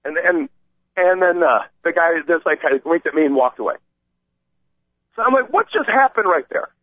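A man calling in to a radio show and telling an animated, rambling story, acting out the voices of the people in it. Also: a little high, moderate pace, no echo. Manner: excited, acts out quoted voices, rambling. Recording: tinny phone line, dry.

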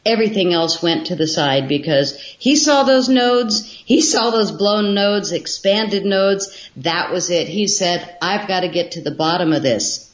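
A middle-aged woman guest telling stories in an animated way, acting out what people said. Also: on the low side, measured pace, few pauses. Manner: animated storyteller, acts out quotes. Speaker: guest filmmaker. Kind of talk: storytelling in a radio interview. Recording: roomy, dull lo-fi sound.

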